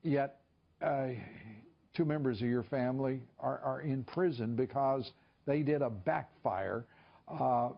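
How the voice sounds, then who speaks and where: A male television news host giving opinionated commentary, halting now and then. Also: medium pitch, gravelly. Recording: dull lo-fi broadcast audio.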